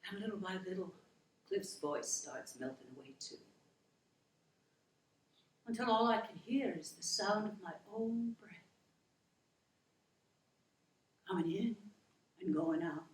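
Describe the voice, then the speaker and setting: Woman playing a down-to-earth wife, earnest storytelling, slow delivery, roomy echoing room. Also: mid-range voice, lively intonation, a little hiss or hum, close to an everyday voice. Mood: calming. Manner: slow, emotional, earnest retelling. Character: down-to-earth working wife finally standing up. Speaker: actress in a stage monologue. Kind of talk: dramatic monologue storytelling.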